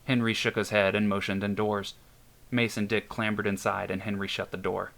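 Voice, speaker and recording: A man narrating a scripted horror story in a steady storytelling manner. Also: on the low side, normal speed, creaky. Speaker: narrator and author.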